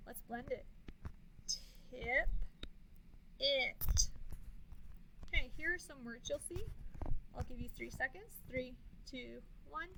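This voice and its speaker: A woman teacher leading a phonics lesson, sounding words out slowly and clearly with counting pauses. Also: high voice, pushed and bright, a little hiss or hum, rough recording. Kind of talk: early reading phonics lesson.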